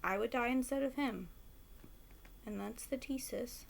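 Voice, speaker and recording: Chatty excitable young woman ranting. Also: fairly high pitch, measured pace, gravelly, a little hiss or hum. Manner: chatty, rambling, excitable, swears freely. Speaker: book vlogger. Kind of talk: casual rant to camera.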